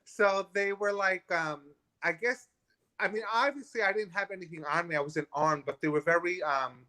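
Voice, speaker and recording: An animated man in his thirties tells a personal story as a guest in a restaurant and acts out the people in it. His voice sits a little high. It has a bright edge. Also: moderate pace. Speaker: guest author. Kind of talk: candid storytelling.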